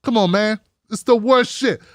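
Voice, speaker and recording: Heated, profane man ranting, high voice. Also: normal speed, no room sound, clean studio sound. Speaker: host. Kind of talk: ranting live-stream commentary.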